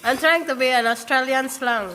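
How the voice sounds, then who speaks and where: A woman's voice: sits high, sharp tone, a little hiss or hum. A Filipino woman vlogging a backyard dinner with friends on her phone, chatty and playful, laughing often. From Philippines. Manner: giggly, slow and playful, greets everyone. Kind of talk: casual vlog chat at a dinner. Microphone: handheld phone camera.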